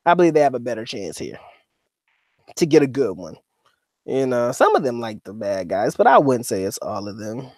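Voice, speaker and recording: A man's voice: fairly high pitch, dry recording, clean studio sound. A man co-hosting a casual livestream, reading chat and talking in a slangy, profane, laughing way.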